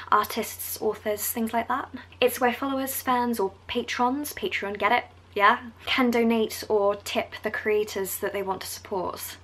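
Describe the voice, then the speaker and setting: A young woman with an Essex accent, chatting excitedly as she shows off art supplies in a casual home vlog. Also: a little high, slight background noise, low-quality recording. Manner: chatty and enthusiastic, going on tangents. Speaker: art vlogger.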